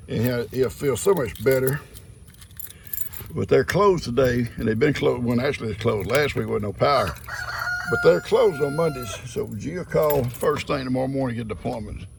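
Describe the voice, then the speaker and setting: A man's voice: medium pitch, big pitch swings, normal speed, creaky, slight background noise. An older man, chatting casually to his farm animals and viewers outdoors. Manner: folksy, talks sweetly to his animals. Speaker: farm vlogger.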